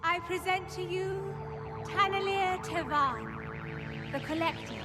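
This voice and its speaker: An actress playing a grand female announcer who presents a collector, stately and drawn-out. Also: extremely high pitch, exaggerated voice. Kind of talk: film dialogue. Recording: film clip over music.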